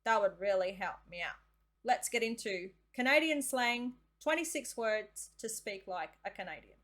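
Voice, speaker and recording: A woman's voice: a little high, lively intonation, moderate pace, a bit bright, slight background noise. A woman from Australia with an Australian accent, opening her reaction video in a cheerful, chatty way. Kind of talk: casual vlog intro.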